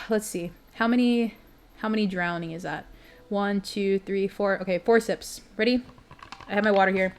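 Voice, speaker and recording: A woman's voice: mid-range voice, steady tone, unhurried, long pauses. A young woman streamer in casual chat with her viewers, giggly and emotional, talking straight to her chat.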